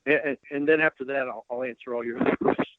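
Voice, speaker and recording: Older ex-Marine colonel guest, folksy anecdotes, heard over a tinny phone line. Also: male voice, medium pitch, steady tone, fast, dry recording. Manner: folksy, self-deprecating anecdotes with frequent restarts. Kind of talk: casual storytelling interview.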